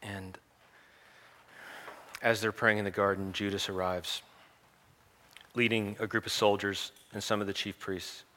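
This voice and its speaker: A man preaching, retelling a story in an animated, conversational and humorous way. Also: lowish voice, measured pace, pauses often, slight background noise. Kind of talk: storytelling sermon.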